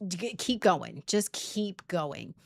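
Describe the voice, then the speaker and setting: A woman's voice: lowish voice, lively intonation, takes it slowly, vocal fry. A woman, streaming a candid, profane monologue and laughing often. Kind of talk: casual livestream monologue.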